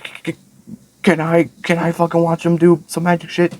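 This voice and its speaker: A shrill, stammering young girl bursting with excitement over magic, as a man puts her on. The voice leaps far above a man's usual register and is loud and pushed. It sounds thin and strained. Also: moderate pace, slight background noise, close to an everyday voice. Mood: giddy. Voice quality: high falsetto, stammering.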